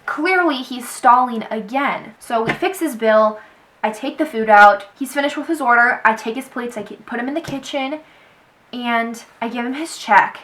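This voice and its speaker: Bright-voiced young woman telling a story. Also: on the high side, normal speed, rough recording. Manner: animated storytelling, quoting people with "he's like". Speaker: beauty vlogger. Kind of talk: storytime vlog.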